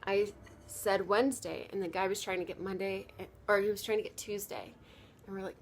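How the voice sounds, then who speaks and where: A woman's voice: mid-range voice, flat delivery, fairly quick, a little hiss or hum. Chatty young woman telling a story. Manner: rambling, chatty, lots of fillers and quoted asides. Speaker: vlogger. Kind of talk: casual storytelling vlog.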